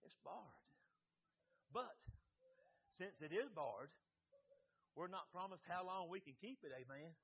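High-voiced preacher calling for amens. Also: male voice, lively intonation, a little slow, long pauses, slightly rough. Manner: repetitive, rhythmic, calls for amens from the congregation. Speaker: visiting preacher. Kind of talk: sermon. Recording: dull lo-fi sound.

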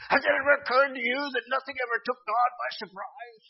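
A man's voice: extremely high pitch, steady tone, creaky, husky, lo-fi sound, pitched above the performer's own voice, full character voice. A man quoting a fiery old revival preacher. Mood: fervent. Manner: rapid, emphatic preaching.

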